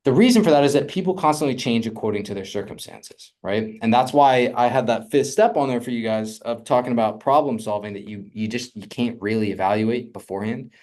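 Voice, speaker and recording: Homem enérgico ensinando sobre contatos. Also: male voice, mid-range voice, brisk, few pauses. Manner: energetic, conversational, asks "right?" often. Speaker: real estate funding coach. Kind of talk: casual teaching monologue.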